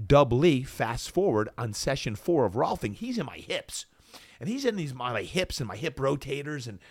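The guest, a middle-aged fitness coach from New Jersey, recounts a personal story on a podcast in an energetic, animated way, performing the quoted dialogue himself. His voice is medium-pitched, and the recording is dry and clean, studio-grade.

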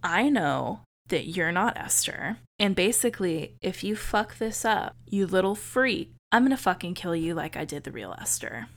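A woman voicing a menacing teenage boy bully, speaking low and fast in a casual retelling. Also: sing-song.

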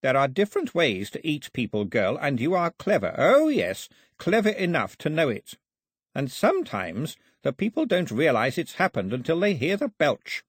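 Stern old priest, husky and dry, with a lively, testy delivery, read by a male narrator. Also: on the high side, normal speed, dry recording, pitched above the performer's own voice, exaggerated voice. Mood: grave. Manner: curt, suspicious, lecturing.

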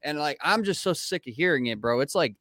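This is a young adult male podcast host with a fairly high, brisk voice. He's an animated storyteller in casual conversation, spinning profane tales and performing what people said. Studio-quality audio, no echo.

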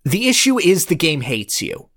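Animated man telling a dramatic story. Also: on the high side, normal speed. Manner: dramatic, building storytelling with exaggerated imagery. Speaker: podcast co-host. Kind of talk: comedic storytelling and game discussion.

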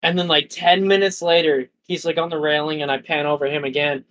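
A young man co-hosting a podcast, telling a story in an animated, slangy way with plenty of swearing. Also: a little high, a little fast. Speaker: podcast co-host. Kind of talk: casual chat.

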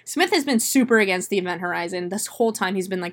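A woman's voice: medium pitch, animated, quick pace. A woman casually retelling a movie plot in a chatty, profane way, full of fillers and laughs. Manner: laughs often while retelling. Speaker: film reviewer.

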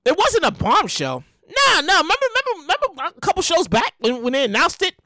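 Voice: high voice, quick pace, dry recording, clean studio sound. A solo show host giving casual, rambling celebrity news commentary, slangy and profane, repeating lines for effect. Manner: animated, rambling, repeats lines, curses freely; slangy, conversational delivery.

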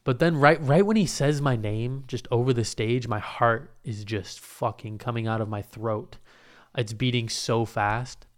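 A young man retells a story in a loose, rambling way, swearing freely and restarting his sentences as he goes. His voice is smooth and clean at an ordinary middle pitch. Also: unhurried. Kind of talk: casual storytelling.

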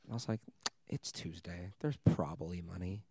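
Young dj guy, lowish voice, spins a crazy story, swears a lot, dry mic. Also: normal speed, breathy edge, dry recording. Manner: animated, laughing storyteller who swears often. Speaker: guest DJ. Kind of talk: casual storytelling chat.

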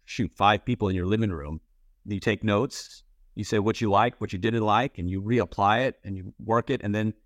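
Male interviewer, low voice, rambling and candid, dry close sound. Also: normal speed, no echo. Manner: rambling, full of "you know" and restarts; candid, swears casually. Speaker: interviewer, playwright and actor. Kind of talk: casual interview talk.

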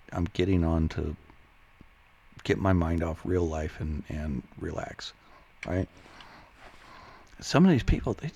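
A man's voice: low voice, gravelly, darkish tone, breathy edge. A middle-aged man hosting his show in a casual, rambling monologue, laughing often and swearing freely. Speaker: show host, retired Army veteran.

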